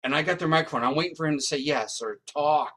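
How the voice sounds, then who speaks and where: Man telling an animated story. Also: a little high, fast talker. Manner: animated retelling, tags lines with "right?". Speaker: guest, psychic medium and criminal profiler. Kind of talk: storytelling in an interview.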